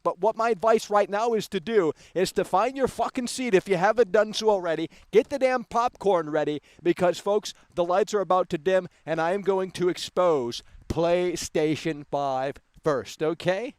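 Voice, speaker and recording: Brash, high-voiced gaming streamer ranting. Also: male voice, lively intonation, normal speed, few pauses, no room sound. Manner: brash, combative, swings into loud outbursts. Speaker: gaming livestream host. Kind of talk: ranting livestream commentary.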